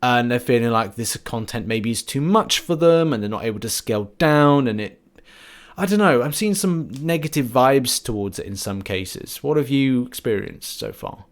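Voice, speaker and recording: A man's voice: medium pitch, lively intonation, moderate pace. A man hosting a casual gaming podcast, rambling and laughing often as he talks. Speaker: podcast host.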